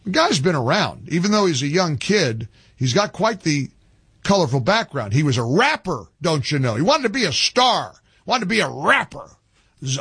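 A man hosting opinionated political commentary, talking in an animated, indignant way, rambling with restarts. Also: a little high, slightly rough, no echo. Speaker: commentary host.

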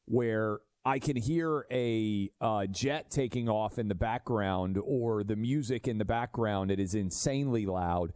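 Male talk host: low, warm voice, dry close sound, emphatic and opinionated. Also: measured pace, hardly any pauses, clear, resonant tone, dry recording. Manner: emphatic, opinionated, asks leading questions. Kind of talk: radio talk show discussion.

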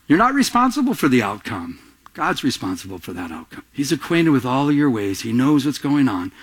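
Animated middle-aged male pastor preaching. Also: fairly quick, slightly rough. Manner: animated, swings between loud emphatic lines and quiet low asides; acts out little voices in anecdotes, laughs while telling them. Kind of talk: sermon.

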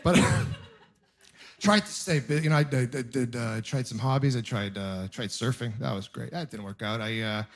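A man's voice: medium pitch, normal speed. A young man doing a stand-up comedy set, telling self-mocking stories in a loose, chatty way with frequent laughs. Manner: conversational, self-deprecating storytelling with laughs. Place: live comedy venue with audience.

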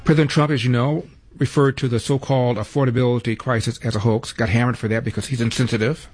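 A man's voice: mid-range voice, fairly even intonation, quick pace, a little mellow, breathy edge. Wry male talk radio host. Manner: wry, sarcastic asides.

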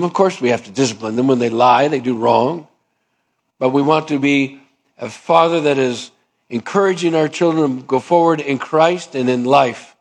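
A middle-aged man preaching a sermon as pastor, emphatic, acting out quoted dialogues with shifting pitch.

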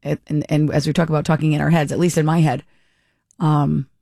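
Chatty talk radio hostess, dry studio. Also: female voice, low-pitched, level tone, a little fast, gravelly, warm tone, no echo. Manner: chatty, rambling, many restarts. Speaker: radio talk show host.

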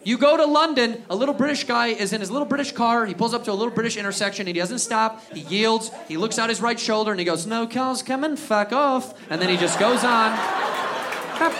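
An American man performing a stand-up comedy set, ranting loudly and profanely and acting out the people he quotes. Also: high-pitched. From United States. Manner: loud, animated, profane rants with acted-out quotes. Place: comedy club stage with a laughing audience. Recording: live club recording, crowd laughter and noise.

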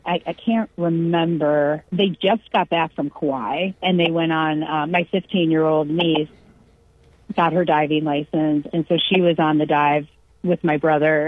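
A woman from California telling a long family anecdote in casual chat, animated and acting out the quoted lines. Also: sits low, breathy edge, no echo. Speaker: storyteller. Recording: tinny phone-line sound.

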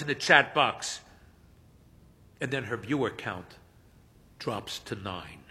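Man reading a story slow and measured, bright voice, lots of hall echo. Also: mid-range voice, expressive. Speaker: narrator. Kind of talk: audiobook-style story narration.

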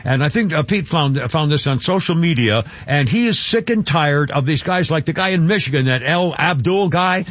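A man's voice: on the high side, animated, moderate pace, hardly any pauses, a bit bright, no echo. An older man hosting talk radio, rambling through commentary and a live ad read with many fillers and restarts. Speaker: radio talk show host. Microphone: studio microphone. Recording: dull studio radio sound.

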